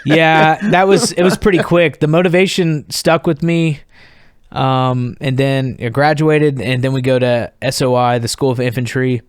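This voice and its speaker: Guy in his 30s telling army stories, swears a lot, mid pitch, dead dry studio sound. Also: steady tone, a little slow, clear, resonant tone, dry recording. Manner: candid, swears freely, acts out shouted quotes. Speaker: podcast guest, military veteran. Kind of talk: casual storytelling interview.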